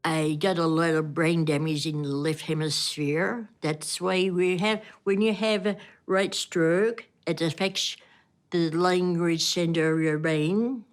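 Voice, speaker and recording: A woman from Australia in a casual interview, speaking haltingly and repeating herself. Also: fairly low pitch, fairly even intonation.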